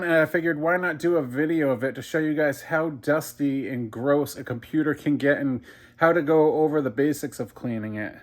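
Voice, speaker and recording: Chatty higher-voiced man vlogging. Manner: chatty, rambling, addresses viewers as "you guys". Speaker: gaming YouTuber. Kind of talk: casual vlog talk to camera. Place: indoors at home, then outdoors in wind. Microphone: handheld camera mic.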